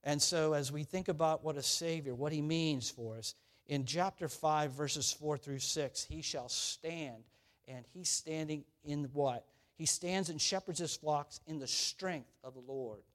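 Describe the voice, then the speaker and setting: A man preaching a sermon, animated and storytelling, rising and falling in volume. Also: on the high side, a little slow. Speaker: pastor.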